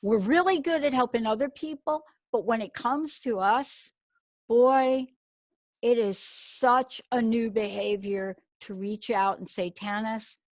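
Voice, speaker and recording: A woman's voice: fairly high pitch, unhurried, dry recording, clean studio sound. A woman hosting an interview in casual chat, affirming her guest and sharing her own experience. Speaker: podcast host.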